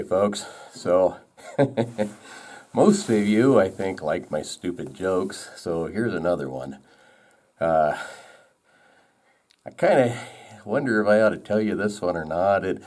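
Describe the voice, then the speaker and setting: A man's voice: deep voice, a little mellow, dry recording. A man casually narrating outdoors in the snowy woods, folksy and rambling with lots of fillers. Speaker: outdoors vlogger and trapper. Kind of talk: casual walk-and-talk narration and joke telling.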